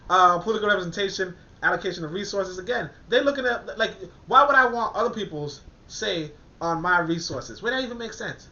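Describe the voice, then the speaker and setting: Animated high-voiced man, stammering commentary. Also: brisk, few pauses, highs cut off. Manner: animated, rambling, frequent stammered restarts. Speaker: commentator reviewing a document. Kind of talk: casual commentary with reading aloud.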